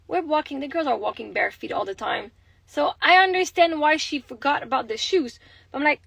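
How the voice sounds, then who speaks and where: A woman's voice: high-pitched, animated, fairly quick, gravelly, fairly bright tone, no echo, poor audio. A young adult woman with a Québécois French accent, chatting candidly on a phone livestream, rambling and swearing freely. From Quebec, Canada. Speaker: livestreaming mother. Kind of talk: casual livestream chat.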